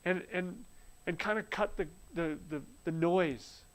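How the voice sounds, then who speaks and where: Man, slightly high voice, earnest faith testimony, storytelling with restarts. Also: a little slow, a bit bright, poor audio. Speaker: speaker sharing a faith testimony. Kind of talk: live-streamed spoken testimony.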